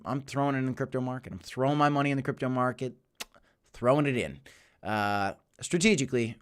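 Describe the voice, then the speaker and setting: A man in his thirties hosting a livestream, chatting casually and answering viewer messages with animated, repetitive storytelling. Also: mid-range voice. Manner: animated storytelling with repeated phrases. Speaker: crypto livestream host. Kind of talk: casual livestream chat reading super chats.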